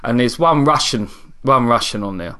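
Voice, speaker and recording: A man's voice: mid-range voice, expressive, normal speed, bright, forceful tone, clean tone. Rambling man chatting about a film. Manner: rambling, hesitant, many restarts and laughs. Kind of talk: casual chat reviewing a film.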